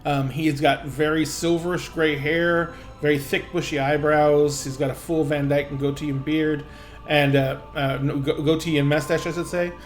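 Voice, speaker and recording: A man narrating as game master of a tabletop game, halting with fillers and self-corrections. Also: on the high side, little pitch movement, soft background music.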